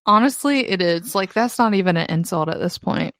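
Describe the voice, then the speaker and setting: A woman's voice: medium pitch, lively intonation, brisk, a bit bright, dry recording, clean studio sound. A woman co-hosting a casual podcast chat in a laid-back, teasing way, swearing casually. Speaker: podcast co-host.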